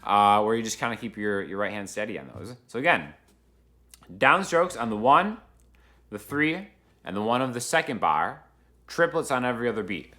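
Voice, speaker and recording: A man's voice: lowish voice, sing-song, normal speed, sharp tone. A man teaching a guitar lesson in a casual, chatty way, counting beats aloud as he strums. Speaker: guitar instructor. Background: acoustic guitar playing.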